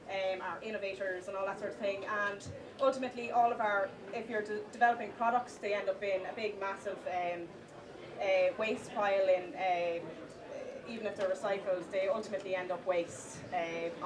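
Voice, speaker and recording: A woman giving a live conference talk, with many fillers and restarts, stressing the points of a list slowly. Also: medium pitch, background noise. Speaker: conference speaker. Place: conference hall with audience. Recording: distant mic, audience in hall.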